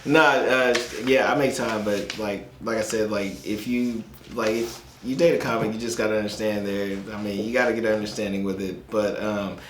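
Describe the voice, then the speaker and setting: A man's voice: on the low side, fairly even intonation, normal speed, fairly bright tone. A man hosting a podcast, chatting in a laid-back way and laughing often. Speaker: podcast host. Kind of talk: casual podcast chat. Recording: echoey room with faint noise.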